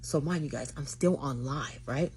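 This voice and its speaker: A young woman vlogger retelling a dating story to the camera, dramatic and lively, acting out what everyone said. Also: extremely low pitch, normal speed, husky.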